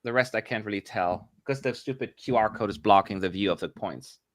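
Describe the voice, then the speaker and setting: A man co-hosting a live watch-along stream, chatting excitably and grumbling aloud as he tracks what is on screen. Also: fairly low pitch, fairly quick, dry recording, clean studio sound. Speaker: livestream co-host.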